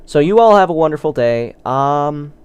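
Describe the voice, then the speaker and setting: A man hosting a gaming channel who rambles through a let's play with excitable, self-deprecating commentary. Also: a little high, normal speed, clear, resonant tone, muffled recording.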